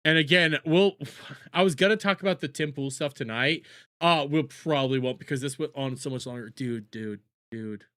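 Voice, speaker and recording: A man streaming casual reaction commentary, animated and swearing, often repeating words and mocking the people in the clips. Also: on the high side, normal speed.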